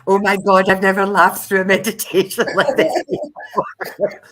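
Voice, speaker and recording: A woman's voice: mid-range voice, fairly even intonation, moderate pace, fairly bright tone. A woman co-hosting a live stream who reads a comic meditation aloud, then chats casually, laughing often and swearing freely. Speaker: co-host of a live psychic development stream.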